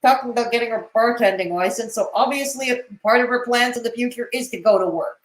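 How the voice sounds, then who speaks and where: A woman's voice: a little high, quick pace, roomy sound, rough recording. A woman commentating on a live stream, with sarcastic, mocking and cutting remarks.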